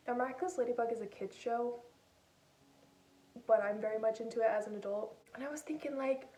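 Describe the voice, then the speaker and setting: Young woman rambling thru awkward stories, kinda high mellow voice, old phone mic far off. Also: steady tone, quick pace, roomy sound. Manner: chatty, self-deprecating, acts out her own quotes. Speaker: vlogger. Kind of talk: casual storytelling.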